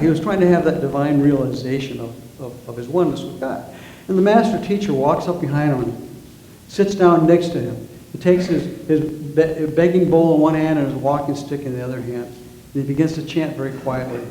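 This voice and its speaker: Man, sermon, conversational preaching, asks the congregation questions, warm tone, roomy church sound. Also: fairly high pitch, brisk. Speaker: guest minister and author. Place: church sanctuary. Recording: roomy church sanctuary, faint noise.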